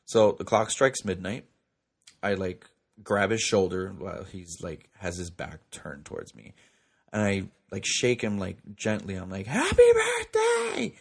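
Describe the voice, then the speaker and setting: A man's voice: deep voice, steady tone, measured pace, creaky, slightly rough. A young man casually telling a personal story, chatty and profane, with lots of "like" fillers. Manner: profane, chatty, heavy use of "like".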